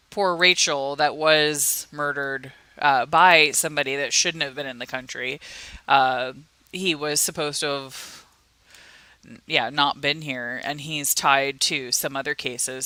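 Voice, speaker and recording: A woman hosts a casual morning crime recap from home. She is chatty and laughs often, retelling small dramas with flair. Her voice is bright and crisp, dry and close, with a slightly low pitch. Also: dry recording. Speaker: crime news host.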